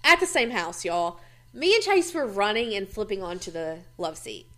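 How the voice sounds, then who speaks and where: Lively woman telling stories. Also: medium pitch, normal speed. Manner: animated, swearing, laughs often, acts out quotes. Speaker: host. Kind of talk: casual storytelling chat.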